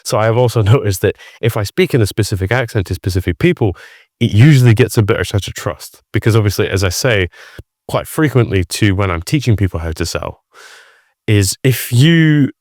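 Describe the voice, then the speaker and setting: A Scottish man with a fairly low voice chats as a podcast guest. He tells his stories in a lively way and often restarts his sentences. The sound is close and dry. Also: quick pace, dry recording. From Scotland. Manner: animated storytelling with many restarts. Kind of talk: casual conversation.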